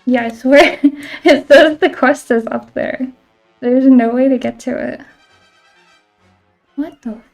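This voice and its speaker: A woman's voice: high-pitched, slow pace, pauses often, soft background music. A woman streaming a game and chatting casually, filling her talk with "like" and the odd swear word. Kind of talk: casual chat while playing a game.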